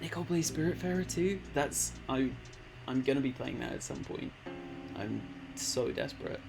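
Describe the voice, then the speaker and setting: With background music playing, a late-twenties man streams on Twitch in a gravelly, mid-range voice that's animated and normally paced. He chats casually and rambles, reads the chat out loud, and addresses people as "man" and "bud."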